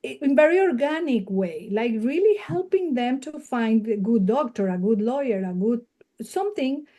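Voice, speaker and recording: A woman's voice: a little high, expressive, normal speed, dark tone. A woman with a Spanish accent, a non-native English speaker, talking earnestly as a guest media coach in a casual podcast interview and laughing readily.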